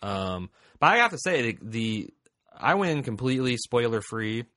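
A man's voice: mid-range voice, sing-song, normal speed, bright, forceful tone, no room sound, clean studio sound. A man with a Midwestern American accent co-hosting a podcast in casual, joking, profane chat. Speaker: podcast co-host.

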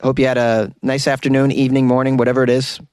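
A man's voice: mid-range voice, level tone, fast talker. A man hosting a casual solo podcast, reading listener messages in a chatty, easygoing way with lots of fillers and restarts. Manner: breaks into laughter. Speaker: podcast host.

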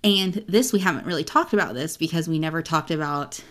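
Low-voiced woman gushing about a book. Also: brisk. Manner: excited, swearing, reads passages aloud with laughs. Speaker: podcast co-host. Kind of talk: casual book chat.

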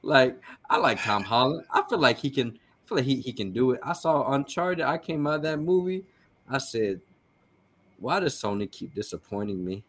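Guy guesting on a podcast, mid pitch, rambly, swears a lot, stumbles over his words. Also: expressive, moderate pace, fairly bright tone. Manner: rambling, swearing, with stammered restarts. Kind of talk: casual podcast chat.

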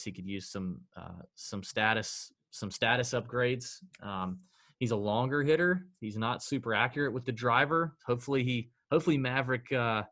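Man, lowish voice, podcast co-host, stat-heavy, sighing, casual. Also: a bit bright. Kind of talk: casual sports betting chat.

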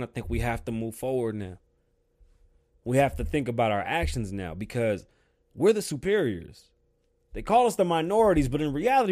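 A man hosting his own show, ranting his opinions heatedly and swearing constantly, swinging between loud outbursts and quiet stretches. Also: medium pitch. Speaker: show host. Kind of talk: profane opinion rant.

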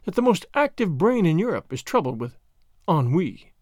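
A man reading a story, voicing a shrewd middle-aged French spy who speaks quietly, with sarcasm and mock gallantry. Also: high voice, very animated, normal speed, no room sound, studio quality. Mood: sly, sarcastic.

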